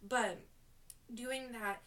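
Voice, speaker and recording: A young woman with a fairly high voice tells a story to her vlog camera in a rambling, self-deprecating way. She sounds set back from the mic. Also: steady tone, drawn-out words, bright, forceful tone. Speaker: hairstylist. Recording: voice distant from the mic.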